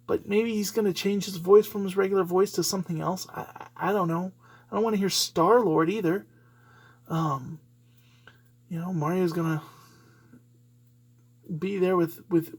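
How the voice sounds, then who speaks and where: A man's voice: sits high, darkish tone, breathy edge. A man hosting a solo podcast, giving rambling, opinionated commentary full of fillers and restarts. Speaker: podcast host.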